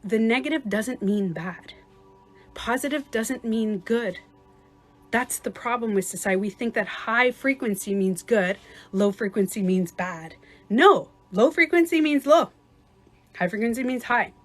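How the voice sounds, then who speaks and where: A woman life coach giving a casual livestream talk, chatty and quick to laugh, acting out little scenarios as she explains. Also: fairly high pitch, expressive, soft background music.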